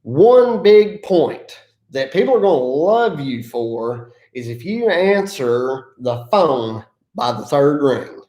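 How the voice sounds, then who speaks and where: A man's voice: on the high side, sing-song, slow, darkish tone. A man from the mountains of North Carolina with an Appalachian accent, giving folksy, self-deprecating business advice in a casual vlog. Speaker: land clearing contractor. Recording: echoey room.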